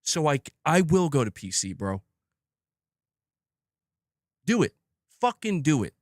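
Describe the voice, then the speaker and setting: A man's voice: on the high side, very animated, slow, no echo, clean studio sound. A man hosting a gaming news stream, ranting angrily with lots of swearing and repeated outbursts. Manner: angry, profane, repetitive outbursts. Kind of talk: live stream rant.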